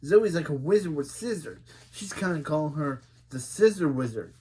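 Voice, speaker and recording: A man recapping and reacting to a TV episode, speaking with a fairly high voice. He gets animated and indignant as he retells the scenes. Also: moderate pace. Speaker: reaction video host.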